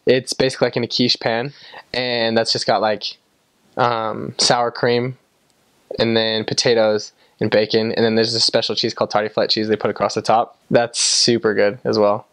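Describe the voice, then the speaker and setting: A man's voice: lowish voice, little pitch movement, normal speed, fairly bright tone, no echo. A young man from the United States telling stories in a casual, chatty way, full of "like" fillers. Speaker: vlogger recalling time abroad. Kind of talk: casual storytelling to camera.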